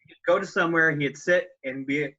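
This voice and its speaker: Bright-voiced man chatting on a lo-fi podcast. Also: a little high, brisk. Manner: retells scenes acting out lines in raised voices. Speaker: podcast co-host. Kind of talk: casual film discussion.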